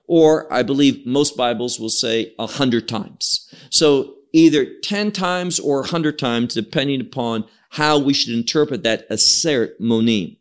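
A man leading a Bible study at an unhurried pace, his fairly high voice rising and falling a lot as he stresses words. He reads a verse, then unpacks it with Hebrew terms and repeated phrases. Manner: expressive, draws out key words and repeats himself; cites Hebrew words from the text. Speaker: Bible teacher.

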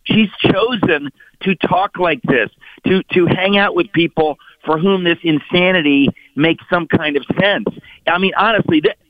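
A middle-aged man, a guest author on a radio talk show, speaking in an emphatic, mocking and animated way. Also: on the high side, measured pace, no room sound. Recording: tinny phone-line sound.

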